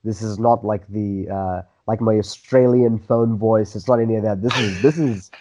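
Low mellow man, South African Indian accent. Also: moderate pace, a little hiss or hum, rough recording. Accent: South African Indian, diluted. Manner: relaxed, rambling with restarts and fillers. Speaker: guest, actor. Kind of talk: casual interview storytelling.

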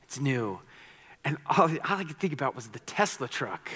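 A man's voice: medium pitch, very animated, moderate pace, fairly bright tone, breathy edge, in a large hall. A man preaching a sermon in a conversational, earnest way, often repeating words and restarting sentences. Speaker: pastor.

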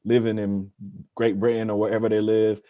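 A man in casual podcast discussion, speaking earnestly with emphatic repetition and softer asides. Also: on the low side, level tone, brisk, no echo, dull audio.

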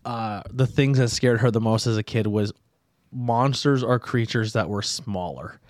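A man's voice: fairly low pitch, a little slow, no room sound, clean studio sound. An American man hosting a podcast, chatting casually and loosely, swearing now and then. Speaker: podcast host.

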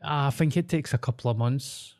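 A man's voice: mid-range voice, normal speed, darkish tone. Casting: Scottish man, podcast co-host, jokey and self-deprecating storyteller. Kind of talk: casual chat.

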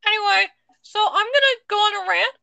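A man putting on a squeaky, high ranting voice as a podcast co-host, rambling and stumbling over words. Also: a little fast, creaky, pushed and bright, no room sound, heavily acted. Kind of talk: comedic podcast banter.

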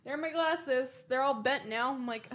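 Young female co-host, bright voice, animated and laughing, casual and profane. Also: high-pitched, normal speed. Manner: animated storyteller, swears freely, laughs often. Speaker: podcast co-host. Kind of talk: casual chat.

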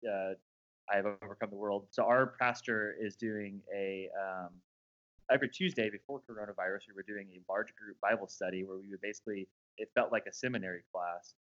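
A male podcast host speaks in a relaxed, conversational way. His voice sits on the low side. The recording is muffled and lo-fi. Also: a little fast. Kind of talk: conversational interview.

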